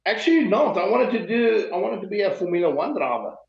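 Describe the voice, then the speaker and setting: A man's voice: high voice, very animated, fast talker, creaky, a little hiss or hum. Blunt South African man on an echoey call. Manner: blunt, joking. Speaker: guest, slap fighter. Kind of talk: casual interview. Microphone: video call. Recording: echoey dull video call audio.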